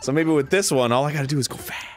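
A man hosting a let's play, reacting excitably as he plays, often yelling and groaning at the game. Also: fairly high pitch, racing, soft background music. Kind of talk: casual gaming commentary.

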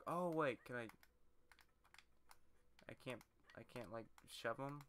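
A man's voice: mid-range voice, slow pace, fairly bright tone, soft background music. A young man commentating a video game let's play, rambling, swearing often and getting easily frustrated.

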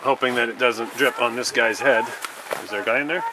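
A man's voice: mid-range voice, fairly quick, crowd noise. A middle-aged man filming a family camp trip and giving playful, upbeat running commentary on a handheld camcorder. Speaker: parent filming a Cub Scout camp trip. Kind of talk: casual home-video narration. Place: outdoors at a camp and on a boat. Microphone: handheld camcorder mic. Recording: loud outdoor noise on a camcorder.

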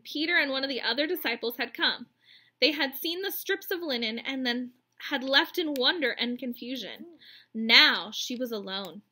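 A woman reading a Bible story aloud at bedtime to a child, expressive and tender. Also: high-pitched.

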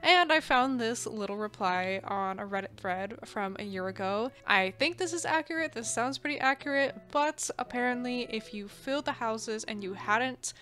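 Her voice is fairly high, bright, and forceful, expressive at a normal speed with hardly any pauses. She's a gaming channel host in her twenties, rambling and giggling over her gameplay on a desk mic while jokingly telling off the game characters.

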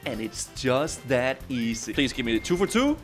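A man's voice: mid-range voice, very animated, moderate pace, over music. A young man hosting a gaming video, giving casual, jokey commentary and talking straight to his viewers. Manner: playful, jokey, addresses viewers as guys.

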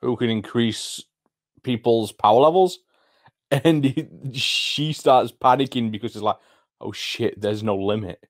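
A man's voice: medium pitch, unhurried. A young man co-hosting a podcast, chatting casually and musing aloud with questions. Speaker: podcast co-host. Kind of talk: casual chat.

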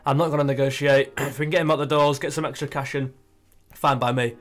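A young man chatting casually as he plays a football management game, thinking aloud and getting excited. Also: medium pitch, quick pace. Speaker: gaming YouTuber. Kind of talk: casual gameplay commentary.

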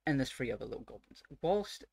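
A man recounting a tabletop game session as its dungeon master, rambling with many fillers and growing excited and exasperated as he goes. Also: mid-range voice, fast talker, vocal fry, husky, no echo.

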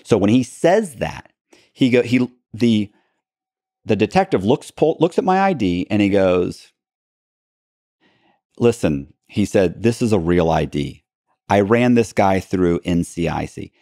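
A man's voice: on the low side, very animated, measured pace, pauses often, mellow, no room sound, studio quality. A man telling a story as a podcast guest, acting out both sides of the dialogue.

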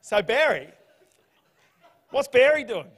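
A man preaching a sermon, telling the story in a humorous, animated way. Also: extremely high pitch, slow, breathy edge. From New Zealand. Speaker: pastor. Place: church hall. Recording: church hall reverb.

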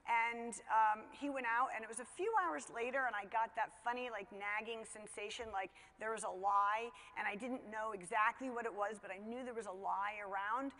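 A middle-aged woman with a fairly high voice tells a family story on stage. She talks in a loose, chatty way, with plenty of fillers and easy self-deprecation. Her voice rings out with a long hall reverb. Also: fairly even intonation, moderate pace, few pauses, sharp tone. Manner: conversational, chatty, many fillers like "you know", laughs at herself. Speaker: speaker telling a parenting story. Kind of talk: personal storytelling talk.

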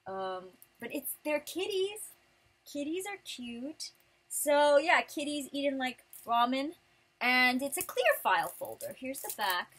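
A woman vlogger chatting casually while showing off her prize haul, rambling and breaking into animated outbursts. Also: high voice, a little slow. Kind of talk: casual chat.

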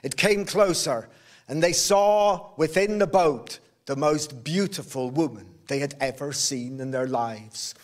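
Slow, high-voiced male storyteller. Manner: slow, measured, rhythmic telling. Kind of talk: live storytelling of a folk tale. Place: workshop event, indoors.

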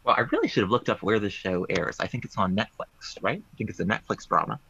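A man presenting puzzles on a talk show over a remote call, rambling with playful deadpan jokes. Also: on the low side, quick pace, gravelly, slightly rough, no room sound, highs cut off.

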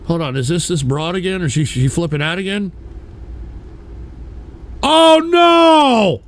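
A man streaming live, reacting to clips with loud, profane outbursts. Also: a little high, fast.

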